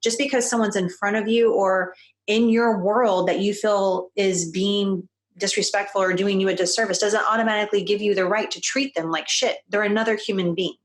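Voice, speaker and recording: A woman's voice: medium pitch, steady tone, moderate pace. A woman guest on a podcast, talking in a casual, emphatic and opinionated way. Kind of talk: casual conversation.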